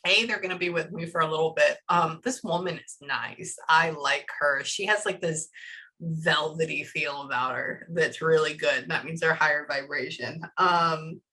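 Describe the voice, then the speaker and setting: A woman psychic medium on a video call with a client, telling excitedly what she hears in quick quoted bursts. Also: deep voice, rough recording. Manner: animated, breathless storytelling with many quotes. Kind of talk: reading for a client.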